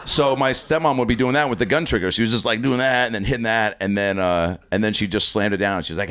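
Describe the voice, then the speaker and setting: A man's voice: lowish voice, fast talker, few pauses, fairly bright tone. A man doing improvised stand-up on a comedy club stage, loose and laughing, often slipping into exaggerated voices. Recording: live club with crowd noise. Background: audience laughter.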